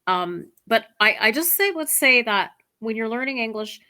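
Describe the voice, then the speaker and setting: Bright-voiced chatty English teacher woman. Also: a little high, expressive, moderate pace. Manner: chatty, laughs easily, many "like"s. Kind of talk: online English lesson conversation. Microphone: computer mic on a video call.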